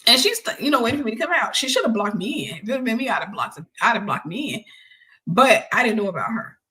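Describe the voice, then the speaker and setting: A woman host telling a personal story in an animated way, laughing and acting out the voices of the people in it. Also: on the high side, quick pace.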